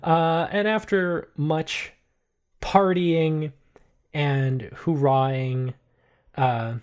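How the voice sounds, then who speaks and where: A man narrating a tabletop game as game master, unhurried and full of filler words. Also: a little high, steady tone, clean tone.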